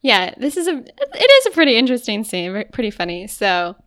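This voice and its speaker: A woman's voice: fairly high pitch, wildly swooping pitch, a little fast, fairly bright tone. A woman co-hosting a podcast, recapping an episode in casual chat, full of "like" and acted-out quotes. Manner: chatty, frequent "like", acts out quotes. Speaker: podcast co-host.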